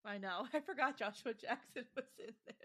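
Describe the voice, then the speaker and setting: Giggly woman co-host with a bright, sharp voice, easygoing chatter. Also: on the high side. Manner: giggly, quick to agree. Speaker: podcast co-host. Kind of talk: casual chat.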